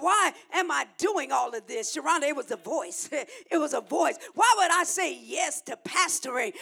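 A middle-aged woman pastor shouts her sermon in rhythmic, repeated phrases, calling on the congregation to respond. Her voice is very high, with vocal fry.

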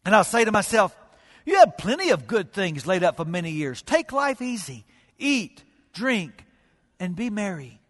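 Preacher reading a smug rich farmer. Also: male voice, high voice, sing-song, normal speed, fairly bright tone, long reverb tail.

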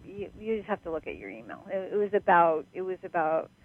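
Lively woman on a tinny phone line. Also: on the low side, a little fast. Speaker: radio co-host. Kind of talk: casual radio chat.

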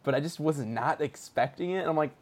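A man chatting casually, animated, laughing often and using lots of fillers. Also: on the high side, fairly quick. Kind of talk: casual chat.

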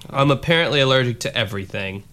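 A man's voice: mid-range voice, noisy background. A man co-hosting a podcast, joking around in casual banter and swearing freely. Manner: joking, swears freely, breaks into silly voices and singing. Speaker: podcast co-host.

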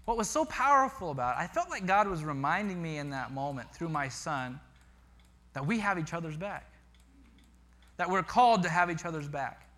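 Bright-voiced pastor preaching. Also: male voice, fairly high pitch, normal speed. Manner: animated storytelling with repeated words. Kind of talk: sermon.

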